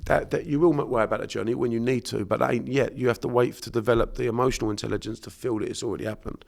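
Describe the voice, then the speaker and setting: A man's voice: mid-range voice, fairly even intonation, very fast, gravelly, a little mellow. A man from South London with a South London accent, a guest on a casual podcast interview, talking in a blunt, sweary, emphatic way. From Bermondsey, London. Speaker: podcast guest, unconscious mind therapist.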